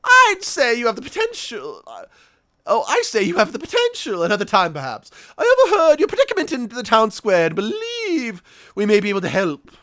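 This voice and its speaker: A man voicing a pompous old gentleman archaeologist in a game, with plummy theatrical exclamations. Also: extremely high pitch, huge pitch swings, a little fast, voice pushed up, exaggerated voice.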